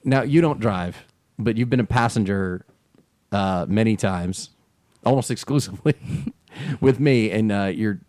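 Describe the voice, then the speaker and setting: A man's voice: fairly low pitch, measured pace, pauses often, no echo. A man from New Jersey with a New Jersey accent, hosting a podcast in casual chat and laughing often. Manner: laughs often, animated storyteller. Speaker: podcast host.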